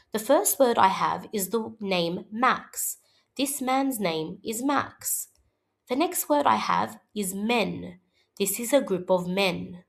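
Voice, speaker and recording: A woman teaching a scripted phonics lesson for young children, modelling sounds slowly and clearly for them to repeat. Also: mid-range voice.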